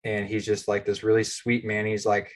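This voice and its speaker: An American man in his thirties with a somewhat low-pitched voice shares his own story on a podcast. He talks casually and candidly, poking fun at himself along the way. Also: monotone, moderate pace, a little hiss or hum. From United States. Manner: candid, self-deprecating, plain-spoken. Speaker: podcast co-host.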